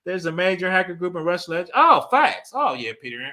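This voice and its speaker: Middle-aged guy talking cyber stuff on a stream, kinda high voice, loose and chatty, always going "right?". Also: very animated, a little fast, sharp tone. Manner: chatty, laughs often, keeps asking "right?". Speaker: cybersecurity channel host. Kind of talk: casual livestream commentary reading chat.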